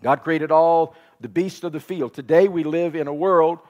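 A man's voice: a little high, fairly even intonation, normal speed, a little mellow. Preaching man in a reverberant hall. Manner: preacherly, repeats phrases for emphasis, asks the congregation questions; laughs while telling a home story. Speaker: pastor. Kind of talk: sermon.

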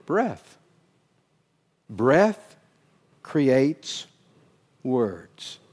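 A middle-aged man preaching a sermon, dropping to hushed, drawn-out phrases and then climbing into loud, emphatic bursts. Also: medium pitch, sing-song, husky. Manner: slow, drawn-out words for emphasis.

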